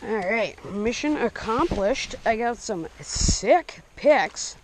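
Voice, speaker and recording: A young man narrating his fishing trip casually outdoors, breaking into excited outbursts when he hooks a fish. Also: high voice, takes it slowly, a little hiss or hum. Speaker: fishing vlogger. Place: outdoors by a small stream. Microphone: action camera. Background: running stream water.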